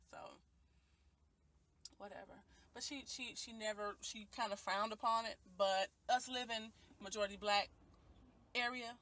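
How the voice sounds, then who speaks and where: A woman's voice: medium pitch, fairly bright tone. A woman, talking earnestly and from the heart in a personal video monologue recorded on a phone. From Detroit, USA. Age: 20s. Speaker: vlogger.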